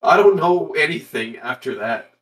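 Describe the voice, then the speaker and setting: A man's voice: on the high side, expressive, normal speed, fairly bright tone, rough recording. Man, tabletop player, rambling, apologetic, casual chat.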